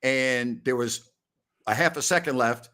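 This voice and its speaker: A man's voice: mid-range voice, measured pace, pushed and bright. A middle-aged man hosting a live-stream post-game show, talking in a blunt, ranting and scornful way. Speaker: sports show host.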